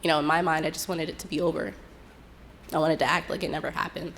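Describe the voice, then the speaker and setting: A young woman telling a personal story in an unhurried, reflective way, acting out what others said. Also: low-pitched, little pitch movement, gravelly, a bit bright, slight background noise. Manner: unhurried, reflective retelling with quoted dialogue.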